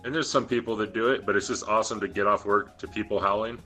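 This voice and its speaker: A man calling in by phone to a podcast, chatting in an easygoing, halting way. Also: lowish voice, flat delivery, pushed and bright, faint music behind, low-quality recording. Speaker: guest on the phone. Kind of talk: casual chat.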